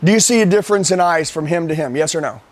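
A man with a high-pitched voice coaching a room of trainees live in an indoor training room. He is intense and emphatic, hammers his points by repeating them, and keeps calling people "dude". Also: quick pace. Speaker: sales trainer.

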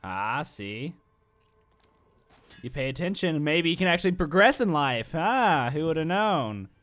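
A young adult man provides let's play commentary, rambling, mocking himself, and talking back to the game. His voice is a little high, sing-song, and a bit bright, at a slightly slow pace.

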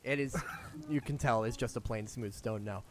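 A man's voice: medium pitch, normal speed, a crowd in the background. A man running a tabletop game as game master, narrating casually with restarts and spoken sound effects.

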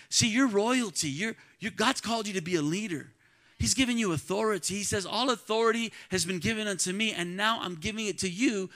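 A man preaching a sermon to his church congregation, calling out to the crowd and swinging between quiet talk and loud shouts. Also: high voice, brisk. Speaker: pastor. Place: church sanctuary.

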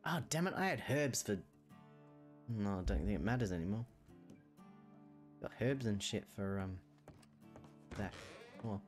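Male streamer, casual rambling chat, laughs a lot, pitch swings widely, soft music underneath. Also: expressive, measured pace, pauses often. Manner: rambling, chatty, laughs often. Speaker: game streamer. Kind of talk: casual out-of-character chat while playing.

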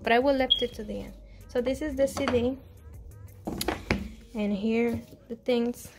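A woman chatting casually as she unboxes albums, excitable and pleading, laughing often, with faint music behind. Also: fairly high pitch, measured pace, noisy background. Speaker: vlogger.

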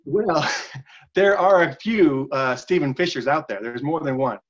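A man's voice: fairly high pitch, a little slow, dull audio. A man co-hosting a podcast, chatting casually and playfully quizzing his co-host. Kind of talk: casual chat.

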